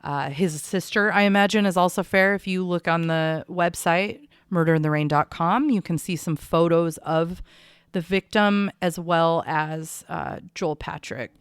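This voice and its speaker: A woman co-hosting a true crime podcast, recounting case details in a measured, conversational way. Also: fairly low pitch, clean tone.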